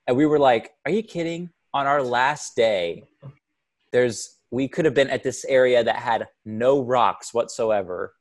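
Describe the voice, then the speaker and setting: A man co-hosting a casual podcast chat, telling a story in an animated way with many fillers. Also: mid-range voice, a little slow. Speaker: podcast co-host.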